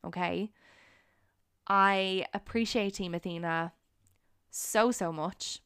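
Slow, earnest woman podcaster. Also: mid-range voice, fairly bright tone, clean tone, no room sound, studio quality. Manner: earnest, encouraging, speaks slowly with pauses. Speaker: podcast host. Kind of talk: solo podcast monologue. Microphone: studio microphone.

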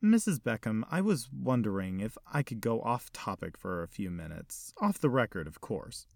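A man's voice: lowish voice, sing-song, normal speed, vocal fry, darkish tone, dry recording, studio quality, heavily acted. A man voicing a young reporter who talks in a polite, earnest way.

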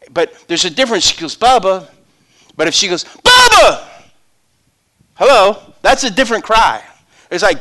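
A middle-aged man from preaching, his voice bright and ringing and pitched a touch high. He acts out other people's voices, drops to hushed asides, then climbs to full shouts. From Louisiana. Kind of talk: sermon.

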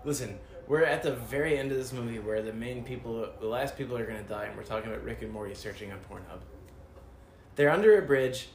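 A man's voice: mid-range voice, quick pace. A man chatting casually about a movie, laid-back and swearing freely. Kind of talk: casual movie commentary chat. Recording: roomy room with faint noise.

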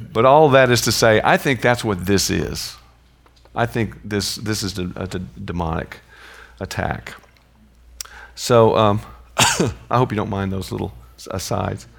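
Gravelly-voiced man teaching Bible. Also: lowish voice. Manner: conversational, chuckling asides. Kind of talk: informal Bible teaching with personal stories.

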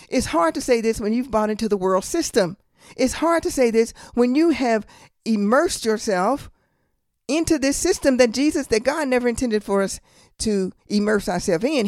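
A fairly high-voiced woman preaches with insistence, hammering points home by repeating them and asking pointed rhetorical questions. Her talk slips into casual, folksy asides. The recording is close and dry, with no room sound. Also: darkish tone, no echo. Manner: emphatic, repeats phrases for stress, rhetorical questions; colloquial asides. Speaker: podcast host and Bible teacher. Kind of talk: preaching monologue.

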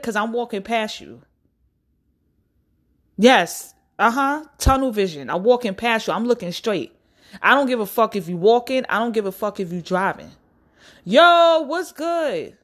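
A young woman ranting bluntly to camera in a casual, profane and animated way. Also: on the high side, moderate pace. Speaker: vlogger.

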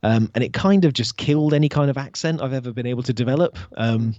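A man's voice: mid-range voice, fast talker, darkish tone, dry recording. Hesitant British man, dull dry sound. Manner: hesitant, many fillers and restarts. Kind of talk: casual chat.

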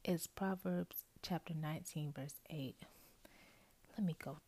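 A woman's voice: deep voice, a little slow, mellow. Young woman whispering close into the mic. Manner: chatty, self-correcting, talks to listeners as y'all. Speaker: podcast host. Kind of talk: casual podcast monologue, mostly whispered. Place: bedroom at night, roommate asleep nearby. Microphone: earphone microphone held close.

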